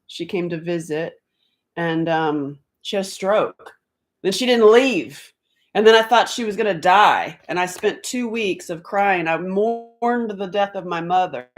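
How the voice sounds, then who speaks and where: A middle-aged woman from North Carolina chatting on a live stream at home, rambling and quick to laugh. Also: fairly low pitch. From Asheville, North Carolina, US. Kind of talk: casual live-stream chat. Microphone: laptop computer mic.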